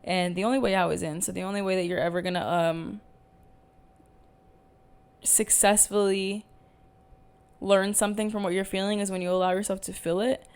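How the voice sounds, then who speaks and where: A woman's voice: mid-range voice, little pitch movement, moderate pace, long pauses, a little mellow, smooth. A young woman hosting her own podcast, chatting candidly and rambling with lots of fillers and casual swearing. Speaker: podcast host. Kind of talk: casual solo podcast chat. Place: at home, talking to camera.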